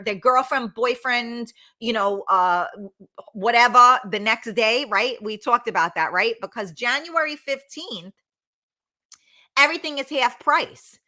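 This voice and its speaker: A middle-aged woman hosts a casual live-stream chat. Her voice is bright and forceful, and she rambles through fillers and restarts, swearing bluntly as she reads out viewer comments. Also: a little high. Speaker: talk show host reading live comments.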